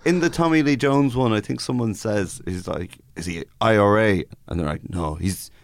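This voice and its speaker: A man's voice: on the low side, moderate pace, gravelly, dry recording, studio quality. An Irish man co-hosting a podcast, wry and understated. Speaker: podcast co-host. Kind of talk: casual chat.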